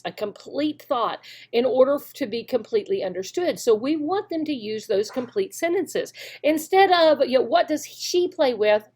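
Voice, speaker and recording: A woman with a Southern US drawl talks through her teaching method in an emphatic, instructional way. Her voice sits a little high, and she slows down deliberately whenever she models a sentence. She sounds like an experienced teacher coaching newcomers. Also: darkish tone. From Southern United States. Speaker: online English teacher. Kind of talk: instructional talk.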